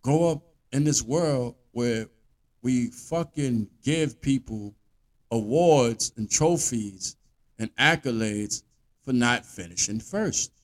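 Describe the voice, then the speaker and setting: A man's voice: mid-range voice, lively intonation, takes it slowly. A man delivering a blunt, profane monologue rant as a podcast host.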